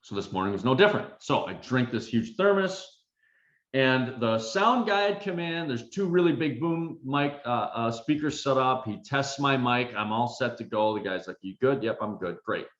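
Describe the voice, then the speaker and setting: A middle-aged man, a confidence coach, telling a self-deprecating story in an animated way with many fillers. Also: mid-range voice, moderate pace. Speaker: confidence coach and keynote speaker. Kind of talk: storytelling talk. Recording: roomy, dull recording.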